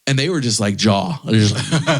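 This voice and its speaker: A man co-hosting a podcast, telling a story in relaxed casual chat, chuckling often. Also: medium pitch, husky. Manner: relaxed, many "like" fillers, chuckling. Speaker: podcast co-host.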